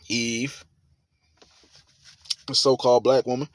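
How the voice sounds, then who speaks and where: A man reading scripture aloud with sermon commentary, forceful and profane, rising to loud emphatic reading. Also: medium pitch, moderate pace, long pauses, no echo. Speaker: preacher.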